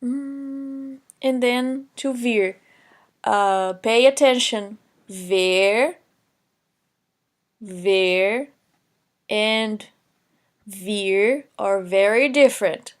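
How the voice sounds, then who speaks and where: A young adult woman teaching Portuguese in a recorded lesson, explaining examples slowly in English and Portuguese with many fillers. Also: fairly high pitch. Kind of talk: recorded online lesson lecture.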